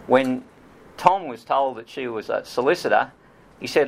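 A middle-aged man tells a story from his own research. His voice has a creaky, gravelly texture. He pauses often on ums and restarts phrases as he goes. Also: medium pitch, animated. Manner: hesitant, many ums and restarts. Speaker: author giving a talk. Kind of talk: storytelling talk.

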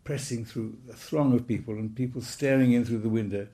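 Gravelly older man telling wartime memories. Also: mid-range voice, steady tone, fairly quick, warm tone. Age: 80s. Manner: wry anecdotal storytelling. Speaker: speaker recounting his childhood. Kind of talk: reminiscing talk.

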